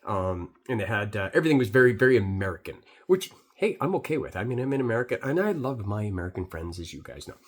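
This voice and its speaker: A man's voice: fairly low pitch, very animated, fast, hardly any pauses, breathy edge. A middle-aged Canadian man who reviews beer, recapping a trip in a rambling, swearing, filler-heavy story.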